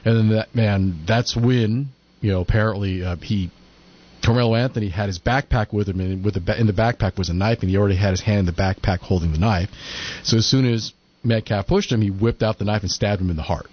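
A man's voice: on the low side, brisk. A man chatting casually as a podcast co-host, retelling events and acting out quotes in mocking voices. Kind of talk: casual commentary chat. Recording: lo-fi muffled audio.

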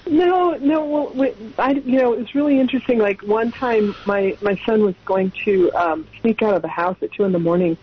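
A high-pitched, husky woman in her sixties rambles through family stories as a radio guest, laughing between restarts. The sound is dull and lo-fi, like an old radio broadcast. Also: normal speed, hardly any pauses. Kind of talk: casual anecdotal storytelling.

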